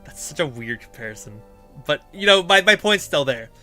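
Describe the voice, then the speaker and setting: Male streamer, casual and chatty, bright tone, talks in loose filler-laden bursts. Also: on the high side, lively intonation, normal speed, faint music behind. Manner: rambling and filler-heavy, thinking aloud. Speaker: streamer giving character-writing advice. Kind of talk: casual live-stream chat.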